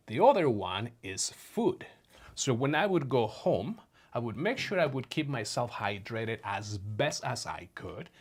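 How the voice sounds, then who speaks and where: A man's voice: medium pitch, big pitch swings, takes it slowly. Chatty man telling a story to viewers. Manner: chatty, addresses viewers as friends, many fillers. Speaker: vlogger. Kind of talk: casual storytelling to camera.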